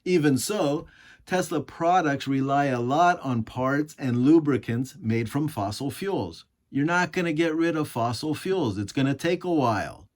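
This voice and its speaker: A man's voice: a little high, lively intonation, unhurried. A man from the United States reading scripted political commentary, sarcastic and indignant, full of rhetorical questions. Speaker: commentary host.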